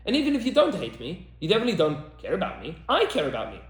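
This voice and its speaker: An emphatic man, a rabbi, holds forth in a podcast conversation with a pitch that swings up and down. His voice sits a touch high, and a roomy echo hangs around it. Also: wildly swooping pitch, rapid-fire, few pauses. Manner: emphatic, repeats lines for effect, mixes in Hebrew terms. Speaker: rabbi and teacher. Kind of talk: animated podcast discussion.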